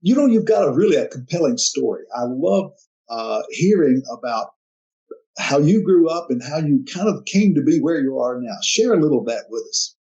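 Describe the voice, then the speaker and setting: A man's voice: a little high, lively intonation, moderate pace, dark tone. A man hosting a business podcast, introducing his guest and prompting him in a friendly way. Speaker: podcast host. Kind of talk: interview hosting. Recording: dull lo-fi sound.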